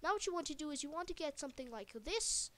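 A woman with a high voice talks through a casual game tutorial as she builds. She rambles and jokes, trips over her words, and fixes herself on the fly. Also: expressive, fast talker, a bit bright. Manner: rambling, jokey, many fillers and self-corrections. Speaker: video game tutorial maker.

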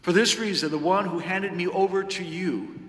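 A man voicing a calm, steady Jesus in a solemn liturgical scripture reading recorded in a church. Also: high voice, normal speed, lightly acted. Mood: serene. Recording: echoey church with long reverb.

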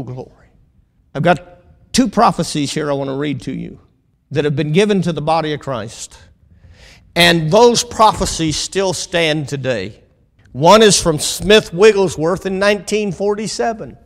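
A man delivers a sermon in a high voice, stretching his phrases slowly and pressing hard on key words. He calls for amens from his listeners between points. The sound carries a long reverb from a large hall. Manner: preaching with call-and-response asides, rising to loud emphatic peaks; drawn-out, deliberate delivery. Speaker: pastor teaching a Bible lesson.

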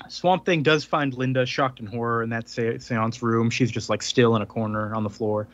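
A man's voice: mid-range voice, fairly quick, few pauses, fairly bright tone, no echo, dull audio. A man co-hosting a podcast, retelling a comic's plot in a rambling casual way with lots of fillers. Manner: rambling, filler-heavy retelling with acted-out quotes. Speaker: podcast co-host. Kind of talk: casual chat recapping a comic.

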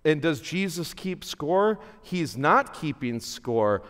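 A male pastor giving a chapel sermon at a school, speaking slowly and earnestly with relaxed conversational asides. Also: on the high side. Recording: long hall reverb.

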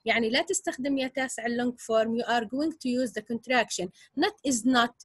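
A woman's voice: on the high side, very fast, no echo, rough recording. A woman with an Arabic accent teaching an English grammar lesson, explaining step by step and checking understanding with a frequent "okay?".

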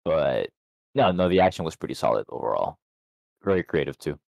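Brief: very deep male co-host, animated and jokey, dry close mic. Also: fairly quick, vocal fry, no room sound. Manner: playful, swearing, jokey asides. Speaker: podcast co-host. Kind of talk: casual film review chat.

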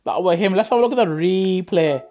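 Man, British accent, young adult, excitable, chatty, live gameplay commentary, headset mic. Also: high voice, fairly quick. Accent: British English. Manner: chatty, excitable, talks to chat. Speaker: gaming livestreamer. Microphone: gaming headset.

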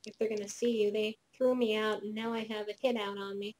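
A woman voicing a paranoid male janitor informant in a tabletop game, speaking in hushed, urgent confessions. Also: mid-range voice, little pitch movement, brisk, lightly acted, poor audio. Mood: secretive. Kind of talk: tabletop role-play as game master.

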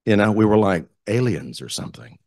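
A man with a Southern US accent, a community theater director telling animated stories as a guest speaker at a club meeting. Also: fairly low pitch, fairly quick. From South Carolina, US. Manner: animated, enthusiastic storyteller. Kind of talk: storytelling talk to a club.

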